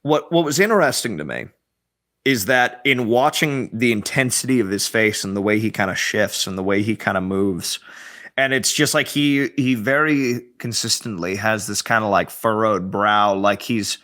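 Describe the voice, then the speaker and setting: A man co-hosting a casual film review, recapping the plot in an unhurried way with fillers. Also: fairly low pitch, fairly bright tone.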